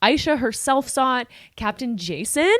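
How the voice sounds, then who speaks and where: Woman, podcast co-host, mid pitch, chatty and eager, dry close mic. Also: animated, a bit bright, no echo. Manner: chatty, eager, agrees in quick asides. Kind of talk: casual chat.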